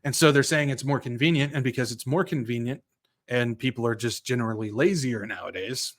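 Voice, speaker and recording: A man's voice: mid-range voice, fairly quick. A man hosting a podcast, reading news aloud in casual commentary with offhand asides and self-corrections. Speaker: podcast host.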